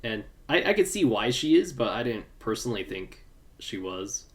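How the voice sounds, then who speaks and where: A man's voice: mid-range voice, big pitch swings, normal speed. A man hosting a casual live podcast from his room at home, talking loosely and greeting viewers in the chat. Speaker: podcast host.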